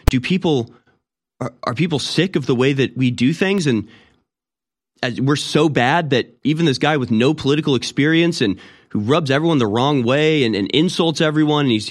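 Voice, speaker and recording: A man delivering an opinionated, sarcastic monologue with rambling restarts. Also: mid-range voice. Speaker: commentator.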